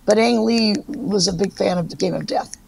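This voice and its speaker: An older woman, a guest actor, telling rambling anecdotes with halting restarts. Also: medium pitch, gravelly, crowd noise, rough recording. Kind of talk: casual interview storytelling.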